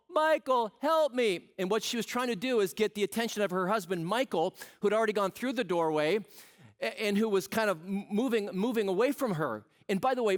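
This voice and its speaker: A man in his fifties who is a pastor, preaching a sermon with stories, humorous asides and questions put to the congregation. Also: sits high. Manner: storytelling, humorous asides, asks the crowd questions.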